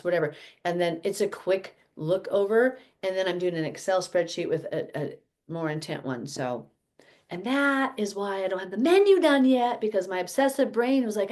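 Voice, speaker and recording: A woman's voice: medium pitch, animated, normal speed, a little mellow. A woman leading a casual health teaching chat for her fellowship group, rambling and correcting herself as she goes. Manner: rambling, self-correcting, chatty.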